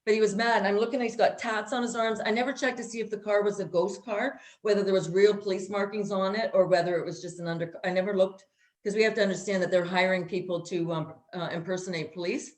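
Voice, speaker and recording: A woman in an echoey room, talking at a middling pitch. She co-hosts a casual chat and vents bluntly, swearing without a filter. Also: fairly even intonation, fast talker. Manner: blunt, ranting, swears freely. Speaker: co-host.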